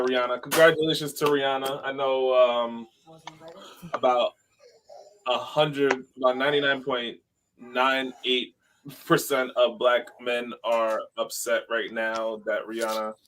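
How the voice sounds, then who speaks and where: A man's voice: medium pitch, steady tone, slow, pauses often, a bit bright, a little hiss or hum. A man hosting a casual podcast chat, teasing his friends and steering the topics. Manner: teasing, playful, leads the topics. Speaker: podcast host.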